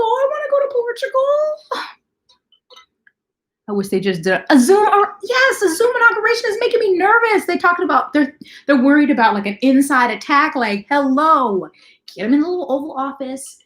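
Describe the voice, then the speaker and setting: A woman hosting a casual livestream, talking fast and chatting with viewers as she greets them. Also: high voice, fairly bright tone. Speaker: livestream host.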